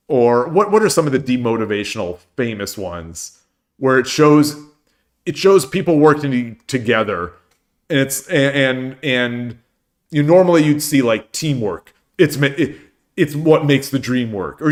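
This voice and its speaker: A man in his forties, tired, chatting casually with viewers on his stream, rambling with many restarts and joking at his own expense. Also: medium pitch. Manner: rambling, with frequent restarts and self-deprecating jokes. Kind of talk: casual chat while streaming games.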